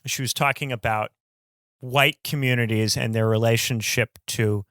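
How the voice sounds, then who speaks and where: A man co-hosting a political podcast, steering the talk in a brisk way. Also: medium pitch, steady tone, fairly bright tone, no echo, clean studio sound. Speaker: podcast co-host. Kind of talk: casual political chat.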